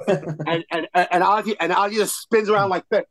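High-voiced man telling a wild story. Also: normal speed, poor audio. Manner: animated, profane, shouts out quotes mid-story. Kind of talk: casual storytelling among old friends.

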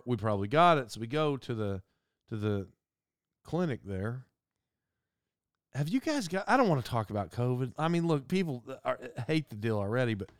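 A man's voice: fairly high pitch, smooth, no room sound, studio quality. A middle-aged man hosting a casual monologue, a rambling storyteller who mocks himself. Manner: rambling storyteller, animated and self-mocking. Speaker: podcast host.

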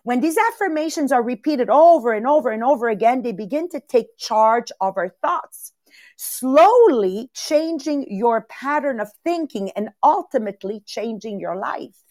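Woman, motivational coach, fairly high voice, energetic, repeats herself, talks to listeners by name, video call. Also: normal speed, no echo. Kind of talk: live motivational talk.

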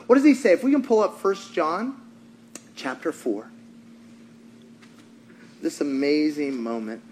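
Animated high-voiced male preacher. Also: a little slow, pauses often, a little hiss or hum. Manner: animated, swings between shouting and hushed. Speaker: pastor. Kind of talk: sermon.

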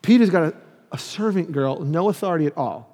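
High-voiced preaching man in a reverberant hall. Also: a little fast. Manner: animated preaching, acts out quoted lines. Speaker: pastor. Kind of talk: sermon.

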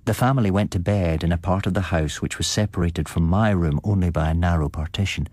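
A man giving a scripted, measured narration of a gothic tale. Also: sits low, a little mellow, slightly rough, dry recording.

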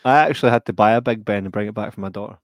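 A man's voice: fairly low pitch, steady tone, very fast, dry recording. A man co-hosting a casual chat, telling funny stories and breaking into heavy laughter. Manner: laughs heavily while telling anecdotes. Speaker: podcast co-host.

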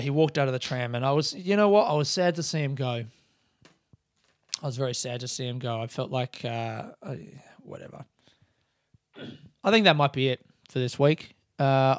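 In a casual solo monologue, an Australian man rambles through a story, getting animated and swearing freely. His slightly high voice sounds smooth and resonant, captured close and dry with no room sound.

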